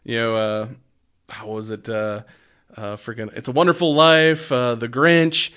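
A man voicing a chatty, gossipy woman, Santa's wife, in a raised, lively voice. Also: mid-range voice, unhurried, clean tone, lightly acted. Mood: cheerful.

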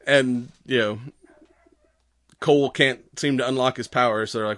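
A man co-hosting a podcast in casual chat, laughing often and acting out movie lines with lively put-on voices. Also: medium pitch, normal speed, dry recording. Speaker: podcast co-host.

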